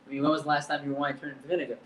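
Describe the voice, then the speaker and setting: A rabbi with a high voice leads a class, translating old Hebrew lines and circling back on his words as he explains them. He is heard from a distance in a room that echoes. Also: little pitch movement, rapid-fire, slight background noise. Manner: explains Hebrew text line by line, repeats words.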